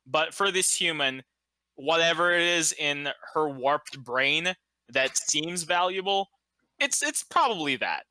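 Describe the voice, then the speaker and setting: Man game master, very bright voice, dry sound, relaxed, hesitant. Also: on the high side, unhurried, smooth, dry recording. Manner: relaxed, hesitant, laughs often. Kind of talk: running a tabletop game on stream.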